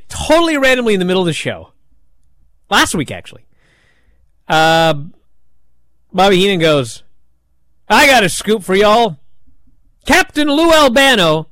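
A man's voice: high-pitched, fairly bright tone, no echo. A man hosting a sports talk show, telling stories in casual chat, rambling with lots of fillers. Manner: rambling storyteller with many fillers. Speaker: wrestling radio show host.

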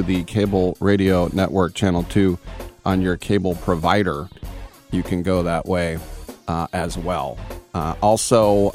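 A sports radio host, a man with a Northern Californian accent, talks in a low-set voice that he swoops up and down for laughs. He rambles loosely through plugs, and a faint music bed plays under him. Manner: jokey, playful pitch swings, rambling. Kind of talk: casual radio talk.

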